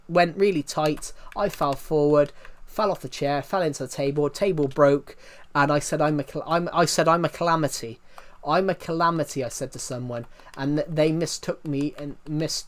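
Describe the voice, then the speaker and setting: A young man chatting casually on a live game stream. He tells stories in a rambling way and pokes fun at himself. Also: fairly high pitch. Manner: rambling, self-mocking storytelling.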